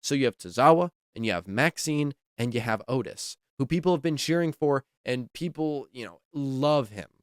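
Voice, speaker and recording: A man's voice: medium pitch, lively intonation, moderate pace, few pauses, no echo, clean studio sound. A man hosting a wrestling podcast, giving casual, enthusiastic opinion commentary, repeating himself and saying "like" a lot.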